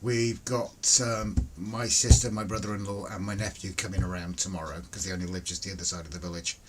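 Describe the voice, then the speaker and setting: A man hosting a relaxed home livestream, chatting casually and greeting viewers by name. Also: low voice, brisk, background noise. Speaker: livestream host. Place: home, indoors.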